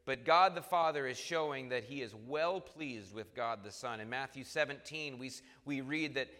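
A man preaching a sermon, earnest and halting, with repeated restarts, reading scripture aloud. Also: medium pitch, bright, forceful tone. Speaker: pastor. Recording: long reverb of a hall.

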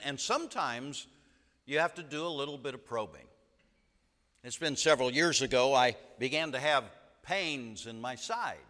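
A man preaching a sermon, telling stories in an emphatic way with dramatic pauses. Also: on the high side, sharp tone, in a large hall.

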